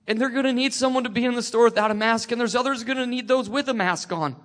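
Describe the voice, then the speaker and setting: A man sharing a personal faith testimony, emotional and tearful, halting with many restarts. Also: very high-pitched, a bit bright.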